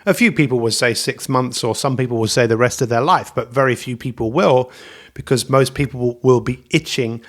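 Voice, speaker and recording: A man hosting his own motivational podcast about coaching, talking alone in an energetic, upbeat way and repeating catchphrases. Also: medium pitch, brisk. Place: indoors at home, coffee in front of him.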